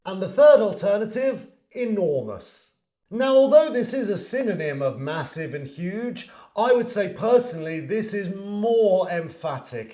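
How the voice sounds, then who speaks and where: A man's voice: high-pitched, dark tone. A man giving a lesson, explaining words and acting out example sentences. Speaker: English teacher. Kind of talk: online language lesson. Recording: echoey room.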